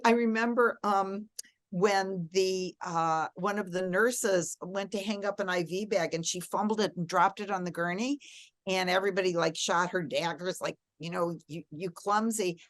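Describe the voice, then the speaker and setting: A woman's voice: mid-range voice, no echo, clean studio sound. Earnest middle-aged woman telling a story. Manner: earnest, reflective, emphatic on key words. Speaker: interview guest. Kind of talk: personal storytelling in an interview.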